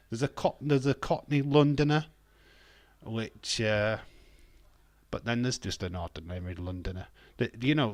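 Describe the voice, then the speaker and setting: Male stream host, slow and easygoing, joking with viewers. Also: lowish voice, no room sound. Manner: joking, laughs often, chats with viewers. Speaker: watch-along stream host. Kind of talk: casual live commentary.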